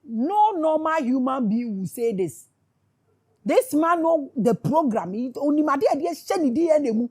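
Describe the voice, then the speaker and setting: A woman with a high-sitting, darkish voice speaks at a moderate pace and is very animated. Addressing her viewers as a spiritual commentator, she delivers an impassioned monologue to camera, fervent and sarcastic and full of repeated questions.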